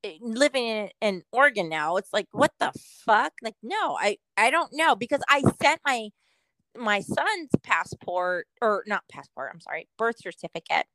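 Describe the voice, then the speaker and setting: A woman's voice: on the high side, big pitch swings, normal speed, bright, forceful tone, dry recording. A woman from Southern California co-hosting a podcast, speaking bluntly and with lots of swearing in casual chat. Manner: profane, blunt, laughs along. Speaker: podcast co-host.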